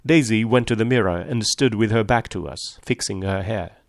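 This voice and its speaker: Low, gravelly male audiobook narrator. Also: no room sound, clean studio sound. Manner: measured, literary. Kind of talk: scripted narration.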